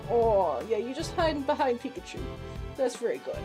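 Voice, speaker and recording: Woman streamer, casual chatter, coaxing, fairly high voice, game music in background. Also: sing-song, normal speed. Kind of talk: casual gameplay commentary. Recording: game music playing under voice.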